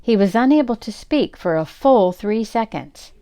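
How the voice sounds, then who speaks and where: An older woman reading a children's novel aloud in an unhurried, gently expressive way. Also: on the high side. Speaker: read-aloud storyteller.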